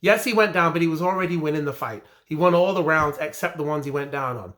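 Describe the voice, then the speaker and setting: A man's voice: fairly high pitch, quick pace, a bit bright. An English man ranting indignantly about a boxing result, repeating his points with emphatic frustration. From England. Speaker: boxing commentary vlogger. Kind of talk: heated opinion rant.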